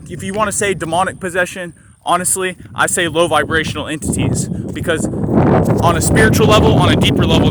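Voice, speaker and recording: A man's voice: on the high side, noisy background. A man ranting intensely to his phone camera outdoors in the sun, preachy and profane, hammering his points with repeated phrases. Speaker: spiritual vlogger. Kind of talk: impassioned spiritual rant to camera. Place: outdoors in sunlight.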